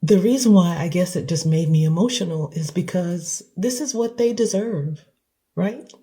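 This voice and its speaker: A woman talking through an emotional reaction, halting and clearing her throat at times. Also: fairly low pitch, expressive, warm tone. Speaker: commentator.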